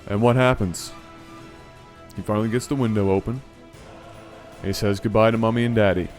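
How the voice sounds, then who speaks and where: A man hosting his channel, telling a funny personal story in an animated, playful way, often correcting himself mid-sentence. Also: fairly low pitch, moderate pace, soft background music. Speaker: channel host. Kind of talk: storytelling vlog.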